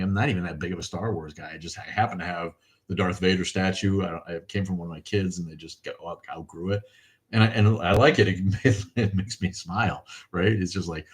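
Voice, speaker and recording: A middle-aged man hosting a casual livestream, thanking viewers and ranting in a profane, rambling way. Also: deep voice. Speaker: livestream host. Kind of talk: casual livestream chat reading viewer comments.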